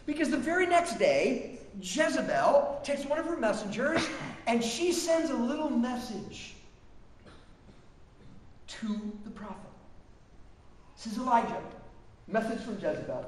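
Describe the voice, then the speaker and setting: A male preacher telling a story in a sermon, animated and repeating words as he acts out the quotes, recorded from a distance in an echoey hall. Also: very high-pitched, measured pace, pauses often. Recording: echoey hall, distant mic, faint noise.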